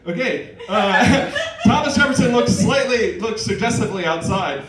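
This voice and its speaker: A man reads comic fan fiction at a bar open mic. He rambles with asides and fillers in a fairly high voice. The sound is distant and echoey, with noise behind it. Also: measured pace.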